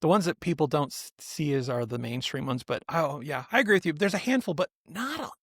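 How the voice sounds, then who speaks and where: A man's voice: a little high, lively intonation, fairly quick, a bit bright, slightly rough, no room sound, clean studio sound. A man co-hosting a podcast, telling a story in a casual, rambling way with lots of restarts and asides. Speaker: podcast co-host. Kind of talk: casual chat.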